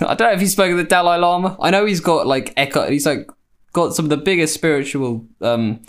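A man's voice: on the high side, quick pace. Laid-back young English man chatting. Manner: laid-back, slangy, swears. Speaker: podcast co-host. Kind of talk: casual chat.

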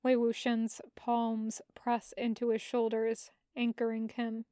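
A woman reading fan fiction aloud as a podfic narrator, soft and tender. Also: on the high side, completely flat delivery, takes it slowly, no echo, clean studio sound. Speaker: podfic reader.

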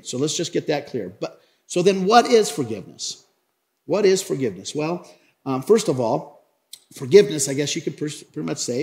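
A man preaching a sermon as pastor, animated and acting out the people in his story. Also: a little high. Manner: animated, acts out Bible characters.

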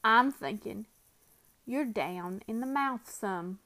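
A woman's voice: on the high side, takes it slowly. A woman voicing a weary, level-headed frontier man who talks in a rustic dialect. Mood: resigned. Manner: rustic dialect, flat and reasoning.

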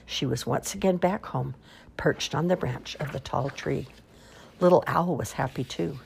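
A woman reading children's stories aloud with expressive storytelling. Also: low voice, measured pace, creaky, slight background noise. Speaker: storybook reader.

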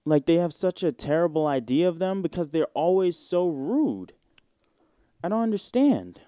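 A man's voice: a little high, sing-song, moderate pace, mellow, no room sound, clean studio sound. A man in his twenties hosting a casual solo podcast, rambling in slang with plenty of fillers and swearing. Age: 20s. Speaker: podcast host.

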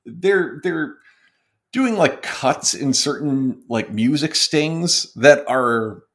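A man's voice: medium pitch, lively intonation, extremely slow, a bit bright. A young man co-hosting a podcast, chatting casually with dry, sarcastic humor. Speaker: podcast co-host. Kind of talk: casual chat.

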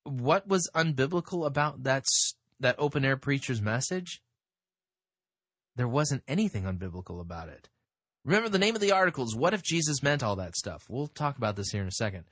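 A man's voice: mid-range voice, very animated, fairly quick, a bit bright, husky, no room sound, studio quality. A man hosting a talk show who reads from an article and answers it in a sarcastic, dismissive way, with many fillers. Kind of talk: commentary on a read-aloud article.

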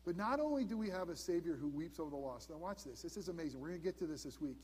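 A man in his fifties preaching a sermon as pastor, earnest, dropping to hushed emphasis on key points. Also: a little high, lively intonation, rapid-fire, breathy edge, long reverb tail. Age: 50s. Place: church sanctuary.

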